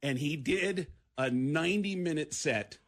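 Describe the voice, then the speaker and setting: A guest comedian tells a story on a radio show, acting out the quotes while stammering and repeating himself. His voice is on the high side and fairly bright, at a measured pace.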